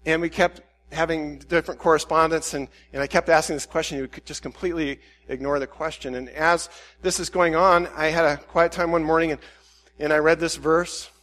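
Male pastor, slightly high voice, casual sermon delivery, acts out quotes and prayers. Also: steady tone, a little fast, a bit bright. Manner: conversational, acts out prayers and quotes with rising intensity.

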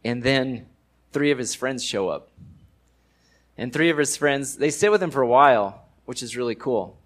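A man's voice: mid-range voice, expressive, normal speed, a bit bright. A man preaching a sermon in a casual, conversational way, using everyday slang and rising with emphasis on key points. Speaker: pastor.

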